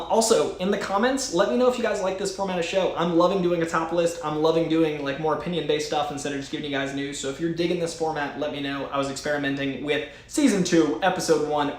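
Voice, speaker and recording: A man's voice: fairly high pitch, roomy sound. A man hosting a casual live stream, chatting with enthusiasm and reading viewer messages aloud. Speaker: host. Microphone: studio mic.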